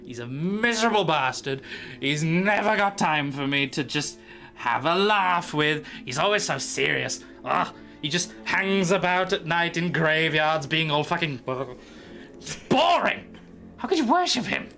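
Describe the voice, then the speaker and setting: A man's voice: a little high, lively intonation, unhurried, vocal fry, sharp tone, faint music behind, full character voice. A man voicing a gleeful, crude male god of chaos who swears and mocks mortals. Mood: mocking. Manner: giggly, swearing, mocking. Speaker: game master.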